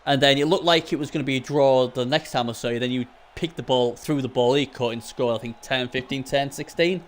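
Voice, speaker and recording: A man's voice: mid-range voice, brisk. Chatty man with a Hull accent. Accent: Hull, Yorkshire. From England. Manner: chatty, rambling, teasing. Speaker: co-commentator. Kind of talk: casual game commentary.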